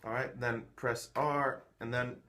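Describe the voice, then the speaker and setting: A man's voice: medium pitch, flat delivery, unhurried, sharp tone. A man giving a casual how-to walkthrough of his own workflow, thinking aloud with many fillers and restarts, recorded on a phone. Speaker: music producer showing his workflow.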